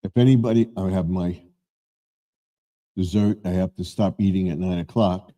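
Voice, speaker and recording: Older man with a very dark voice. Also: deep voice, fairly even intonation, normal speed. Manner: rambling, corrects himself often. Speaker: live stream host. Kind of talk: casual live stream chat.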